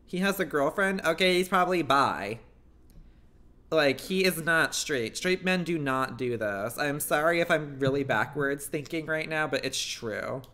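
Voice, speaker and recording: A man's voice: fairly high pitch, bright, forceful tone. A man livestreaming, chatting casually in a blunt, catty and profane way. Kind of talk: casual chat.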